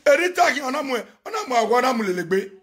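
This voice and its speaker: A Nigerian man on a phone live video, ranting and chanting loudly, often shouting and switching between Pidgin and local languages. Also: very high voice, very animated, racing. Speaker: social media personality on a live video. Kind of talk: animated live-stream rant and chanting.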